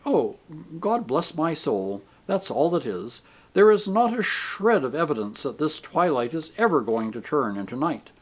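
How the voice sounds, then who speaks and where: A plump, educated gentleman holds forth in a cultured, self-satisfied tone, as a male narrator reads him. His delivery is lofty and sing-song. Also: a little high. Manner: cultured, pompous, lecturing. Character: fat, cultured, pompous man passenger. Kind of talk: audiobook character reading.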